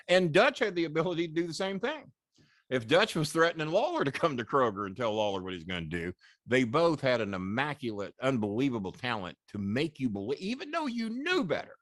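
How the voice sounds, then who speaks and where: A man in his sixties, a former wrestling manager, telling animated, profane anecdotes as a guest in an interview. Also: mid-range voice, a little fast, no echo, studio quality. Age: 60s. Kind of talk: storytelling interview.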